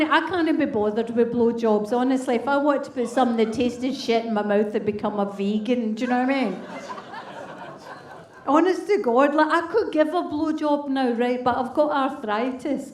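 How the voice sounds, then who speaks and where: A woman's voice: high voice, moderate pace, echoey room, distant mic. A woman in her fifties, a comedy host doing crude, brash stand-up and teasing the crowd. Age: 50s. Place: comedy club stage with audience.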